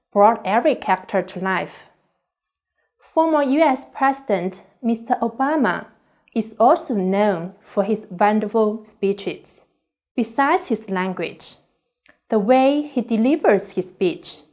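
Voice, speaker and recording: Slow, careful higher-pitched woman lecturing. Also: a little mellow. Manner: slow, deliberate, carefully enunciated. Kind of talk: scripted online course lecture.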